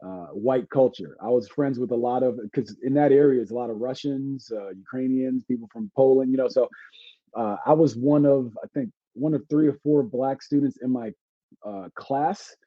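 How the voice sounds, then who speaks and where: A man from Brooklyn, a guest entertainer chatting on a podcast, telling animated stories with jokes and laughs. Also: medium pitch, normal speed, no echo. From Brooklyn, New York. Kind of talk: casual podcast chat. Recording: dry, slightly dull lo-fi sound.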